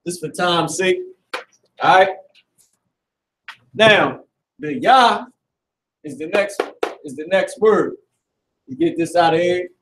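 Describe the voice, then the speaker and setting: A man's voice: sits high, fairly bright tone, slight background noise, low-quality recording. A man teaching a live class at a board indoors, talking in a loose, slangy, profane way and often repeating himself. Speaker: Hebrew class instructor.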